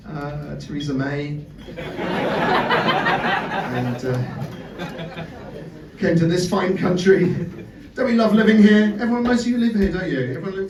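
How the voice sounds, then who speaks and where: British stand-up comic, sweary and self-mocking, caught at a distance in an echoey club full of laughter. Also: male voice, high-pitched. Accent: British English. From Britain. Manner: chatty, sweary, self-mocking, stammers on restarts. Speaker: stand-up comedian. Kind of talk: stand-up comedy set. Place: comedy club stage with live audience. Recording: roomy live club sound from a distance. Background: audience laughter and chatter.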